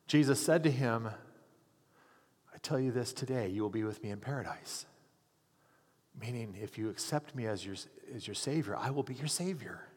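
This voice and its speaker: A man's voice: mid-range voice, lively intonation, moderate pace, pauses often. Earnest man preaching in a reverberant hall. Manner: earnest storyteller acting out quoted voices. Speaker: hospital chaplain. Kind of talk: sermon storytelling.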